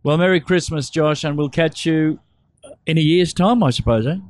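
A man's voice: on the high side, normal speed, no echo. A man hosting a casual radio show, teasing callers and laughing often.

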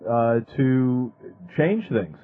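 A man's voice: mid-range voice, sing-song, drawn-out words. A man hosting a radio talk show, earnest, often stumbling and repeating words. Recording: narrow phone-like radio sound.

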